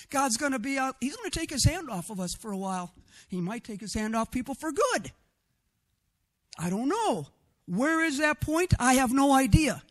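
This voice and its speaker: Very high-voiced expressive male preacher. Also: normal speed. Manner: expressive and loud at times; rhetorical "right?" asides. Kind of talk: sermon.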